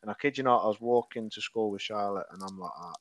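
A man's voice: fairly low pitch, fast talker. A Scottish man co-hosting a football podcast, chatting casually and acting out quoted dialogue in his stories. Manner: animated storyteller, acts out quoted dialogue. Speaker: podcast co-host. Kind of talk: casual chat.

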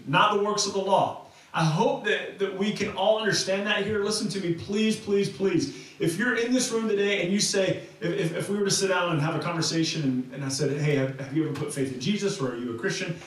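A man's voice: high voice, a bit bright, heavy reverb, distant mic, poor audio. A man preaching a sermon as pastor, talking in a loose, conversational way with many restarts and fillers. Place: church sanctuary.

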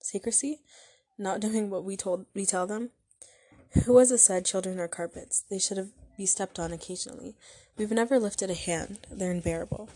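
A woman's voice: medium pitch, normal speed, mellow, no room sound, natural voice. A woman voicing an exasperated middle-aged father in a storybook reading, raising her voice in agitated outbursts.

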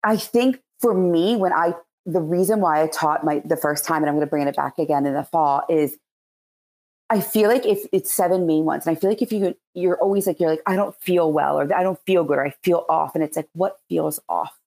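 A woman's voice: lowish voice, brisk, darkish tone. A woman with a Philadelphia accent, a Reiki practitioner chatting as a podcast guest in loose, rambling explanations. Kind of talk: casual interview chat.

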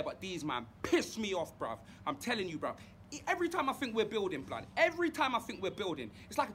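A man puts on a fuming young London football supporter who rants in street slang. His voice sits very high and swings a lot. Faint background noise sits under it. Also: bright, forceful tone, exaggerated voice.

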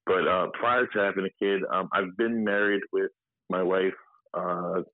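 A man in his thirties telling his story in a candid interview, halting and full of fillers, acting out the people he quotes. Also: sits low, fairly even intonation, no room sound. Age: 30s. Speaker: guest. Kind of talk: candid interview over a phone line. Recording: tinny phone-line audio, dry.

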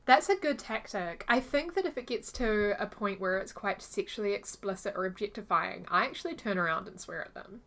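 Animated, bright-voiced woman chatting. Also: medium pitch, fairly quick, few pauses. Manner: animated storytelling, acts out quoted voices. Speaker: podcast co-host. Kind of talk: casual chat.

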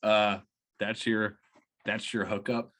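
Chill young guy on a podcast, kinda low voice, dry jokes, a bit tipsy. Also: level tone, slow, a bit bright. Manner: laid-back, wry jokes. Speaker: podcast co-host. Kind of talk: casual chat.

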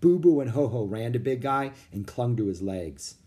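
A man narrating a children's storybook with an expressive reading. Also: medium pitch, moderate pace.

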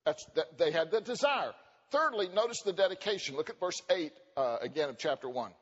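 A man preaching a sermon at a church conference, animated and joking, acting out quoted voices. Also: fairly high pitch, fairly quick. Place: church sanctuary. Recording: dull recording with long hall reverb.

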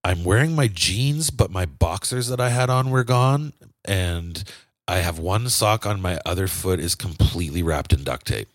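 Deep-voiced man telling a profane rambling story. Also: expressive, moderate pace, no echo. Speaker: podcast co-host. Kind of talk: casual storytelling chat.

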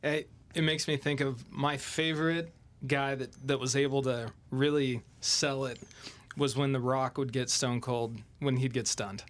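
A man hosting a casual podcast chat, easygoing and quick to react. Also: medium pitch, fairly even intonation, fairly bright tone. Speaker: host.

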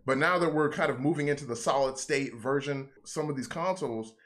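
A man co-hosting a relaxed gaming podcast. He rambles and circles back over his own words, handing out easygoing advice. His voice sits at an ordinary middle pitch. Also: a little fast. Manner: rambling, repeats himself, friendly advice. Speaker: podcast co-host. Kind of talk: casual chat.

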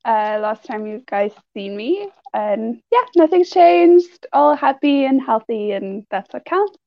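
A woman's voice: fairly high pitch, measured pace, no echo, lo-fi sound. A woman from South Africa, a podcast guest, chatting casually and giggling often. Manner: giggly, expressive.

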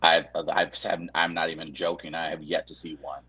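Brief: very low, husky man, dry rambling guest, dull lo-fi sound. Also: flat delivery, moderate pace, sharp tone. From Saint Louis. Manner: rambling, restarts phrases, dry humor. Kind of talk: casual chat.

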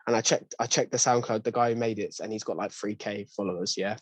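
A man's voice: on the low side, steady tone, fast, breathy edge, no echo. A young man in a casual chat, ranting with lots of slang and restarts.

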